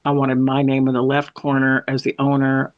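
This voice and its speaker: A man's voice: mid-range voice, completely flat delivery, moderate pace, no echo. A man chatting casually and telling a meandering story full of self-corrections, as a guest. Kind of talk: casual anecdotal chat. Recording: dull lo-fi sound.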